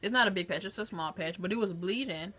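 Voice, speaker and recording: Chatting into a phone camera, a female vlogger recounts a family story with lively, talkative energy. She speaks quickly in a mid-range voice that's slightly rough.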